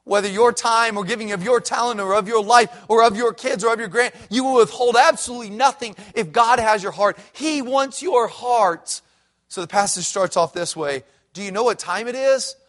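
A middle-aged pastor preaching a sermon in a fairly high voice. He swings between loud, emphatic peaks and low, hushed stretches as he presses his point. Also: normal speed.

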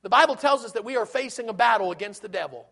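Pastor guy preaching, real high voice, earnest and repetitive. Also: expressive, fast talker, gravelly, a bit bright. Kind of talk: sermon.

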